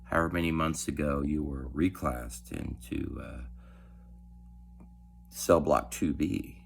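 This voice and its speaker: A grave male investigator speaks in a hushed, low, halting voice, weighing each word with solemn pauses, as a deep-voiced man plays him. His tone stays morose and earnest throughout. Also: creaky, a little hiss or hum, exaggerated voice. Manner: quiet, hesitant, solemn. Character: grave, serious male internal affairs investigator.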